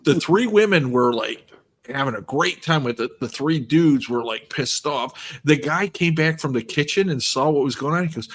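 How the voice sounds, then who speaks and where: A man's voice: a little high, lively intonation, normal speed. A man hosting a casual stream, telling a long funny story and laughing often. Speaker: streamer host.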